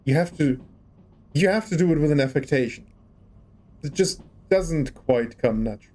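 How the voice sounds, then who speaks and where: A man's voice: a little high, animated, normal speed, long pauses, dark tone, faint music behind. A man casually chatting on a livestream while playing a game, musing and rambling as he tries out rolled R's. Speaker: game streamer.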